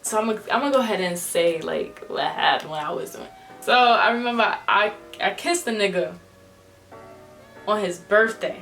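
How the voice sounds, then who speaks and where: A woman's voice: medium pitch, normal speed, creaky, soft background music. Candid young woman telling a storytime. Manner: candid, profane, animated retelling. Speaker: vlogger. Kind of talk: storytime vlog.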